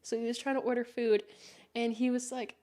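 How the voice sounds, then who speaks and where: A woman's voice: on the high side, level tone, a little fast, warm tone. A young woman hosting a podcast, telling stories in a casual chat, swearing and laughing often. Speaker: podcast host.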